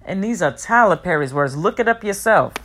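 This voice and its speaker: A woman giving a heartfelt personal motivational talk, emphatic and repetitive, sometimes rushing her words. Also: on the low side, lively intonation, fairly bright tone. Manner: speeds up and slows down, talks fast at times.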